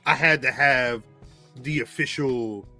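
A man's voice: mid-range voice, slow, pushed and bright, soft background music. A man co-hosting a podcast in casual chat, geeky and talkative, laughing often. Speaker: podcast co-host.

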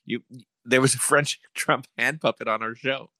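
A man co-hosting a podcast, playful and quick to laugh. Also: medium pitch, steady tone, sharp tone, no echo, studio quality. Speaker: podcast co-host. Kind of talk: casual chat.

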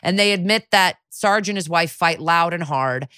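A woman's voice: lowish voice, normal speed, sharp tone, clear, resonant tone, no echo, clean studio sound. A woman co-hosting a podcast, casually recapping a TV episode in a chatty way, saying "like" a lot and swearing freely. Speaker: podcast co-host.

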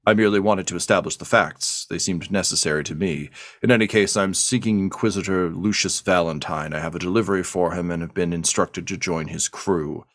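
A man's voice: low-pitched, fairly quick, few pauses, fairly bright tone, voice pushed down. A man doing a prim, clipped female interrogator. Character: prim, curt female interrogator, fussy about facts.

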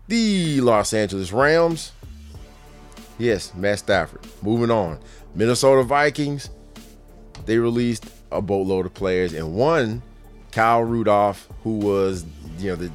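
A man giving casual sports commentary, running through news in an offhand way with jokey asides. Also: on the low side.

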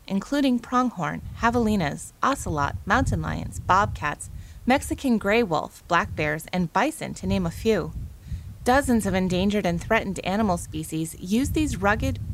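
A woman radio reporter narrating a news feature in a calm, measured, descriptive way. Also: medium pitch, a little hiss or hum. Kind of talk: scripted news narration and field interview.

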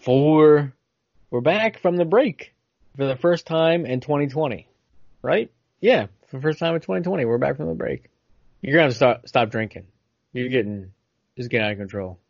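A man's voice: mid-range voice, expressive, normal speed, vocal fry, long pauses, dry recording, highs cut off. A man co-hosting a podcast in casual banter, telling rambling stories and teasing his co-host.

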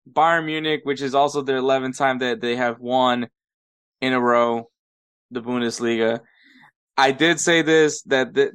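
A man hosting a sports podcast, recapping league results in a measured, methodical way. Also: mid-range voice, a bit bright, smooth, dry recording. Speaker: podcast host.

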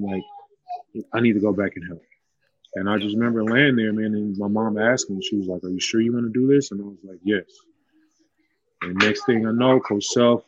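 A man's voice: lowish voice, no room sound, lo-fi sound. A man, a former college basketball player, telling his story in a loose, heartfelt way, full of "you know" fillers. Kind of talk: casual interview storytelling.

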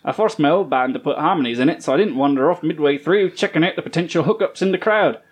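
A man's voice: on the high side, quick pace, breathy edge. A man reading a listener's letter in a clumsy mock Australian accent, voicing a rowdy Australian bagpiper who keeps laughing through it. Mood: cheeky.

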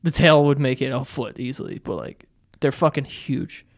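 A man hosting a casual podcast chat, telling stories in an animated way and swearing often. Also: medium pitch, normal speed. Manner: animated storyteller, swears a lot, laughs while telling. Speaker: podcast host.

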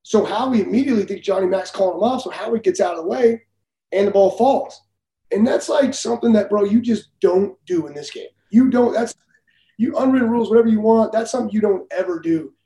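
High-voiced, laughing former pitcher. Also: male voice, fairly quick, mellow, roomy sound, low-quality recording. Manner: blunt, profane, laughs while telling stories. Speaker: former major league pitcher, guest. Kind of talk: casual storytelling.

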